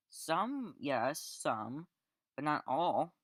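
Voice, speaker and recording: A man's voice: a little high, moderate pace, a bit bright, dry recording, studio quality. A man giving a casual spoken film review, rambling with restarts and fillers and sarcastic, exasperated asides. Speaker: movie reviewer.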